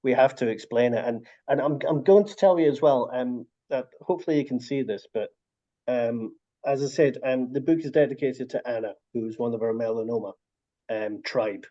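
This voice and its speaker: This man, an author who gathers stories, speaks at normal speed in a mid-range voice. He tells tales warmly in a relaxed video chat, with lots of restarts, and the lo-fi call audio sounds dull.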